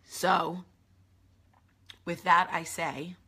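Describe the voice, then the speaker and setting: A woman's voice: on the low side, little pitch movement, very slow, vocal fry, sharp tone, breathy edge. A woman hosting a motivational coffee-talk livestream, emphatic and affectionate, repeating her key phrases to viewers. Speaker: live video host.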